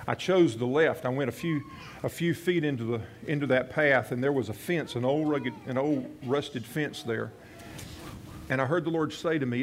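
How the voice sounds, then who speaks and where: An earnest male pastor tells a personal story in a sermon, often restarting his phrases and dropping softer when he quotes a prayer. His voice sits at an ordinary middle pitch. A faint hiss of background noise sits under the recording. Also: brisk.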